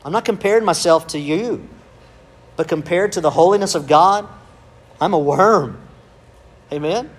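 A man's voice: sits high, moderate pace, long pauses, husky. A male pastor, preaching a sermon with emphatic rhetorical questions and calls of amen.

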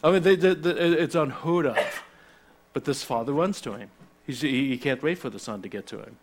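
A man's voice: mid-range voice, lively intonation, brisk, a little hiss or hum. A middle-aged man preaching a sermon in a conversational way, with personal asides and frequent restarts. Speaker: pastor.

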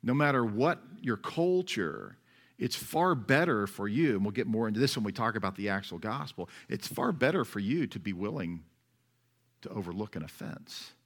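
A man preaching a sermon as pastor, talking in a conversational, wry way that swings between loud and soft. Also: on the low side, expressive, normal speed.

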